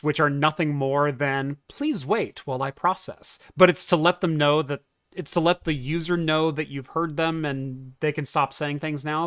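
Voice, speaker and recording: Bright-voiced joking man on a podcast. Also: on the high side, no echo, clean studio sound. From Oregon, USA. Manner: joking, rambling, laughs often. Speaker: podcast host. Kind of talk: casual podcast chat.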